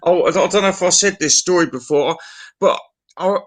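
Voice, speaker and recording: A man's voice: sits high, a little fast. A middle-aged man in casual chat, telling stories in a sweary, ranting way.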